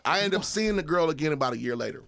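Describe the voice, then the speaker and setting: A man with a fairly high voice, telling a story on a comedy podcast. His delivery is animated and rambling, full of cursing and restarts, and his pitch swings up and down as he talks. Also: rapid-fire, vocal fry. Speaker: guest, comedy show creative director.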